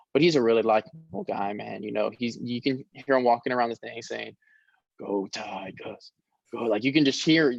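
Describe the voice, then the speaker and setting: Gravelly young man, relaxed interview talk. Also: mid-range voice, no room sound. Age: young adult. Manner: relaxed, rambling with many fillers. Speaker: college football player. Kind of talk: casual interview. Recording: dull lo-fi sound.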